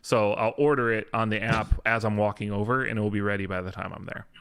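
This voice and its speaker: A man's voice: lowish voice, fairly even intonation, fast, a bit bright, clear, resonant tone, dry recording. A man co-hosting a podcast in casual chat, teasing his co-host in a wry way.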